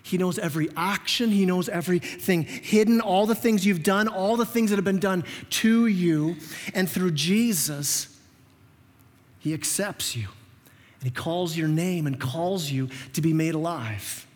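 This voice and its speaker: Animated male preacher, high voice, long church reverb, chatty delivery. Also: unhurried. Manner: animated, conversational, repeats words as he restarts. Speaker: pastor. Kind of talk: sermon. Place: church sanctuary.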